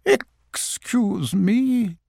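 A man voicing a polite, proud female otter in a storybook reading, prim and quiet. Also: high voice, extremely slow, vocal fry, no echo, studio quality, voice pushed up, full character voice.

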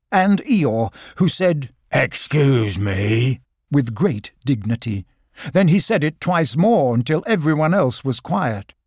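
A man narrating a children's storybook, scripted and expressive. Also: mid-range voice, no room sound, studio quality.

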